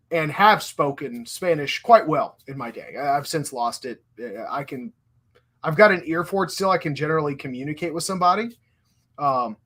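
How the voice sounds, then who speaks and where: Man, podcast co-host, slightly high voice, blunt and opinionated. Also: sharp tone. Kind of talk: casual chat.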